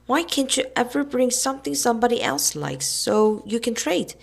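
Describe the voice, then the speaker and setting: A woman voicing a curious, pushy young boy in a storybook reading, asking quick, prying questions. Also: a little high, very animated, creaky, breathy edge, pitched above the performer's own voice, exaggerated voice. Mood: pestering.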